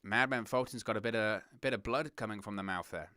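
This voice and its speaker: A young man from southern England with a southern English accent, hosting a wrestling watch-along with excitable play-by-play commentary. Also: lowish voice, quick pace, smooth, no room sound, studio quality. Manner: excitable play-by-play, giggles at puns, reads chat.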